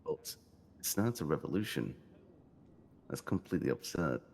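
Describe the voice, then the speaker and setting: A man in an in-character roleplay, calmly and evasively denying an accusation. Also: a bass voice, normal speed, creaky, breathy edge. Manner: calm, evasive denials. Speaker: roleplay character under questioning.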